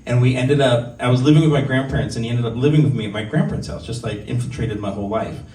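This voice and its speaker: A man's voice: mid-range voice, fast, warm tone. A man in his forties doing a stand-up set at a bar open mic, telling stories candidly and making fun of himself. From Southern California. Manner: candid, conversational, self-deprecating storytelling. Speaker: stand-up comedian. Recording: echoey room, distant mic, faint ambience.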